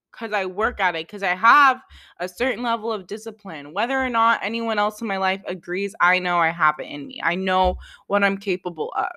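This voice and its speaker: A young woman speaks straight to the camera in a confessional vlog. Her talk is raw and self-critical, full of swearing and halting restarts, at a pitch typical for a woman. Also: pushed and bright. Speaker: vlogger.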